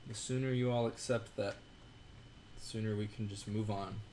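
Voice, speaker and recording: A man's voice: lowish voice, fairly even intonation, moderate pace, warm tone. A man co-hosting a live stream, arguing his points in joking, casual banter. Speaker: livestream co-host. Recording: distant mic with faint room noise.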